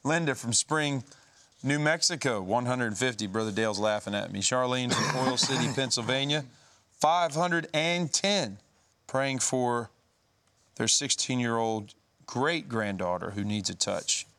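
A man reads a steady stream of donor names on a religious broadcast. He mixes short prayerful comments with easygoing, joking asides. His voice has an ordinary middle pitch. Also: moderate pace. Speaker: telethon host. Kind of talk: reading donor names with brief preaching asides.

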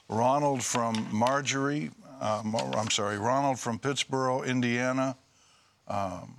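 A man reads donor names and gift amounts on a broadcast telethon, taking his time over each one. His voice sits at an everyday middle pitch, and faint noise hangs under it. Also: fairly bright tone. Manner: slow, measured reading with small hesitations. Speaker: telethon co-host. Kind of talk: reading donor names on air.

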